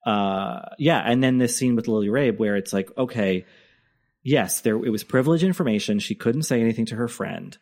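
A man co-hosting a casual podcast, talking things through in a halting way with many fillers and restarts. His voice sits somewhat low. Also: a little mellow. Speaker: podcast co-host.

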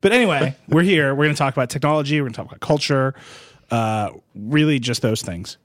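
A man's voice: medium pitch, fast. A man in his thirties hosting a tech podcast, playful and rambling, often laughing. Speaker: podcast host. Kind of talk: casual podcast chat.

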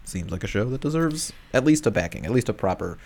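A man's voice: fairly low pitch, big pitch swings, fast, a little mellow, slight background noise. A man co-hosting a podcast in casual chat, rambling and hesitant with a dry manner. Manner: rambling, hesitant, many fillers and restarts, dry. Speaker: podcast co-host.

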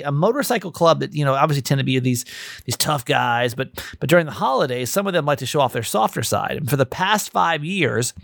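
Man, podcast host, chatty and rambling, gravelly voice, dry sound. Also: on the high side, fairly bright tone, no room sound. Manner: chatty, rambling, frequent restarts. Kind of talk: casual podcast monologue.

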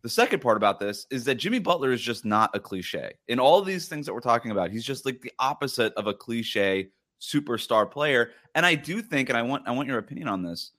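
A man's voice: medium pitch, sing-song, a little fast, hardly any pauses, fairly bright tone. A man hosting a casual sports podcast, chatty, reading quotes aloud with many fillers and restarts. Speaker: podcast host.

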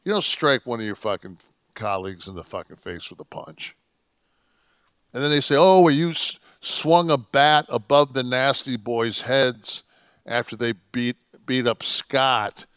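A man's voice: medium pitch, a little slow, a bit bright, clear, resonant tone, dry recording, studio quality. A man co-hosting a podcast, telling a story in a profane, heated, rambling way. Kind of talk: casual storytelling chat.

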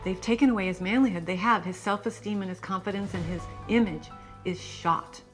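A woman's voice: mid-range voice, fairly quick, soft background music. A middle-aged woman, a mother appearing as a talk show guest, speaking in a frustrated, emphatic way.

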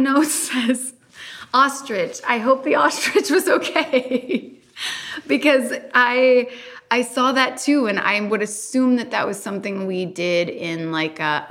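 Bright-voiced woman, chatty podcast co-host. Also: medium pitch, fairly even intonation, takes it slowly. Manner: giggly, chatty, reads fan questions. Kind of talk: casual rewatch podcast chat.

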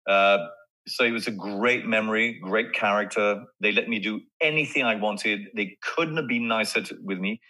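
A man with a lowish voice and a bright, forceful tone. He is an actor guest on an interview show, speaking animatedly, with frequent laughs and restarts. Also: moderate pace, rough recording. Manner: animated, laughs often, restarts mid-sentence. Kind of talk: casual interview talk.

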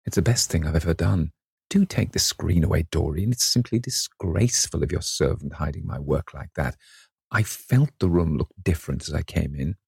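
A man's voice: very deep voice, normal speed, creaky, husky, no room sound, studio quality, exaggerated voice. A man reading the lines of an earnest, fond older painter in an audiobook, coaxing and insistent. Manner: warm-hearted, coaxing, pleading.

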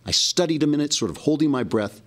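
A man's voice: a little high, lively intonation, fast, voice pushed up. A man reading as an earnest backwoods boy. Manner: folksy old rural dialect, read aloud from a novel. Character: uneducated boy on a river raft, earnest and troubled.

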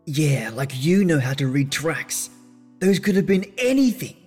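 A man voicing a carefree, playful young woman who talks in a high, insistent, girlish way. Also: big pitch swings, a little slow, darkish tone, breathy edge, soft background music, full character voice.

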